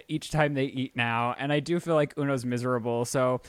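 In a casual podcast chat, a male co-host tells stories with lively energy and voices the people he quotes. The recording is dry, and he speaks at normal speed in a medium pitch.

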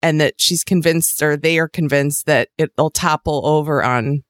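A woman's voice: sits low, steady tone, unhurried, dry recording. A woman co-hosting a podcast in casual chat, rambling and trailing off mid-thought. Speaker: podcast co-host.

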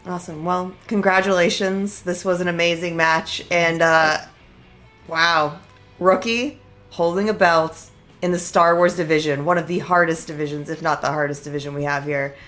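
A woman's voice: lowish voice, steady tone, normal speed, fairly bright tone, soft background music. A woman hosting a post-match interview, upbeat and playful, laughing along. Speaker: show host.

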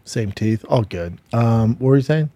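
A man's voice: mid-range voice, animated, moderate pace, warm tone, dry recording. A man co-hosting a podcast in easygoing, teasing casual chat, saying "dude" a lot. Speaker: podcast co-host. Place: podcast studio.

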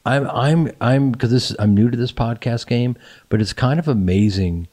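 A man in his fifties hosting a podcast, talking in a casual, halting and self-deprecating way with frequent restarts. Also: mid-range voice, a little mellow. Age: 50s. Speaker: podcast host. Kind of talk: casual chat.

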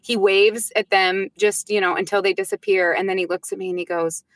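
A woman in her thirties, a podcast guest, chatting casually and telling lively stories about her young sons, acting out their little voices. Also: mid-range voice, fairly quick, hardly any pauses, no room sound. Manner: lively storyteller who acts out her kids' voices. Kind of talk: casual chat.

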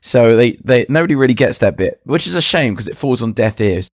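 A man guesting on a casual podcast, telling a long story in a rambling, hesitant way, full of pauses and restarts. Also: medium pitch, expressive, no echo, clean studio sound. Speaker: guest magician.

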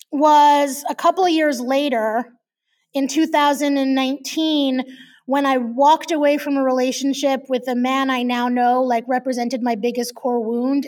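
Guest, woman, 40s; animated and profane, candid storytelling, higher voice. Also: distant mic. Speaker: podcast guest.

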